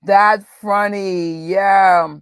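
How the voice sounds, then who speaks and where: A woman's voice: mid-range voice, fairly even intonation, drawn-out words, clean tone, no room sound, clean studio sound. A woman with a New York accent, chatting casually and laughing with viewers as host of a movie watch party. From New York, USA. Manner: chatty, laughing, quotes voices. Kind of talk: casual chat with live viewers.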